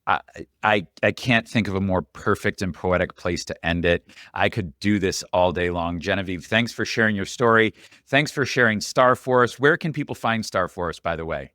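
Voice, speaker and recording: Lower-voiced man hosting a podcast. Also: normal speed, no room sound, studio quality. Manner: warmly moved, effusive praise. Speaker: podcast host. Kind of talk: interview.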